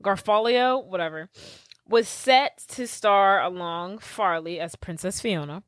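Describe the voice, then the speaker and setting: A woman's voice: lowish voice, measured pace, no echo. Chatty young woman podcaster, dry close mic. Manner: chatty, reads out trivia, acts out quotes. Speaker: podcast co-host. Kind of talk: casual chat.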